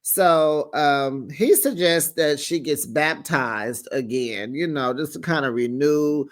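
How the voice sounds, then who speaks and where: A man with a slightly high voice recaps a reality show in a loose, gossipy way. He is sassy, talks straight to his viewers with pet names, and laughs as he goes. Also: slow pace. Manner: laughs often while telling the story. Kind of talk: casual gossipy recap commentary.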